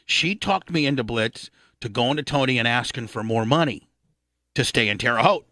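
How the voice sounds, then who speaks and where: A man in his fifties hosting a radio talk show, telling a rambling, profane story and clearing his throat often. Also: medium pitch, expressive, normal speed, pushed and bright, no room sound, clean studio sound.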